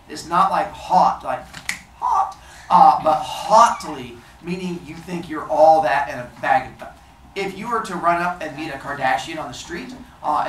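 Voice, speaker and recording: A man's voice: a little high, a bit bright, slight background noise. A man reading a story aloud to a group, adding playful asides that explain words, heard from a distant mic in a roomy space. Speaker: storyteller host.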